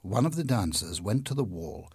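A man narrates a classic novel as an audiobook in a measured, unhurried storytelling manner. His voice is low with a husky grain. The recording is dry and close, with no room sound. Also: big pitch swings, a little mellow, no room sound. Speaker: audiobook reader. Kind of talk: scripted narration.

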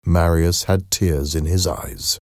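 Male storybook narrator, gravelly, dry close sound. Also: low voice, slow pace, no room sound.

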